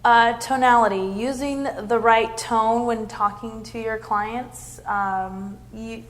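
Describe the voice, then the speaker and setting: A woman's voice: a little high, fairly even intonation, takes it slowly. A woman who works as a customer service representative, talking earnestly and upbeat about how she handles calls. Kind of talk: casual interview chat.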